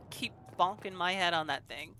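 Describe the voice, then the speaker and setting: A woman's voice: lowish voice, pushed and bright, a little hiss or hum. A woman streaming a video game, chatting casually and joking to herself as she plays. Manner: chatty and joking, with asides and laughs. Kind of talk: casual gameplay commentary.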